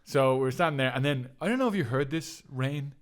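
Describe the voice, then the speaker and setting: A man's voice: medium pitch, fairly quick. A young Irish man on a casual podcast, spinning a long, rambling tale. He keeps slipping into other people's voices as he tells it. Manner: rambling storyteller, acts out other people's lines. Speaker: podcast co-host. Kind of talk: casual chat.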